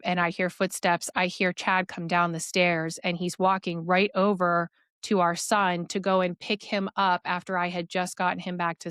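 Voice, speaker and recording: A woman's voice: on the low side, a bit bright, clean tone, no room sound, studio quality. A young adult woman, a podcast guest, tells a personal story in a rambling way full of "like" fillers.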